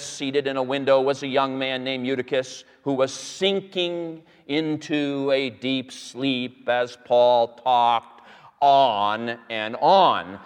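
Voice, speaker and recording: A man teaching on a Bible passage to a live audience, telling it as an animated story with many fillers and restarts. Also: mid-range voice. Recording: long hall reverb.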